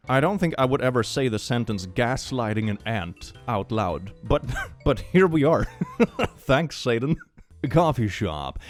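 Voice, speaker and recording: A man giving casual reaction commentary as a streamer, animated, often exclaiming and laughing. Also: mid-range voice.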